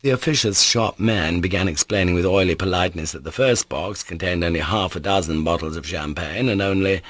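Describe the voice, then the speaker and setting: A man narrating a classic novel as an audiobook in a steady, measured way. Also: deep voice, no echo. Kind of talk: scripted narration.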